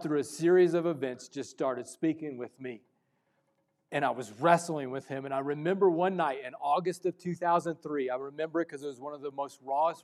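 A male pastor preaching a sermon, moving between loud urgent stretches and hushed, intimate ones. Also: on the high side.

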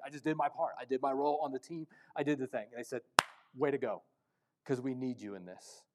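A man preaching a sermon as pastor, telling a story and swinging from loud bursts to hushed lines. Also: fairly high pitch.

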